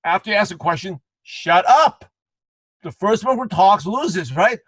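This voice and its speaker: Male sales trainer, higher register, lively coaching delivery with acted-out examples, dry recording. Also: unhurried, slightly rough, no echo, rough recording. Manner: animated, acts out quoted salespeople. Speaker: network marketing trainer. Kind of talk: coaching talk.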